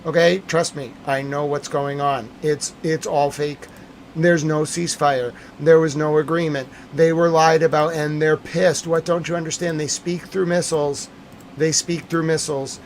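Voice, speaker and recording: A man's voice: a little high, flat delivery, normal speed, a little hiss or hum. A man giving live-streamed commentary on breaking news, agitated and emphatic, repeating his points.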